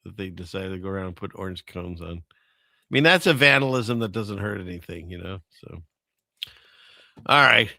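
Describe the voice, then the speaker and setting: A man hosting a casual talk show in a gravelly but bright voice, close and dry on the mic. He wanders through stories, trails off, and laughs along with his own jokes. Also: low-pitched, expressive, normal speed, pauses often, dry recording. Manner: rambling, self-amused, chuckles at his own jokes. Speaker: podcast host. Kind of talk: casual chat.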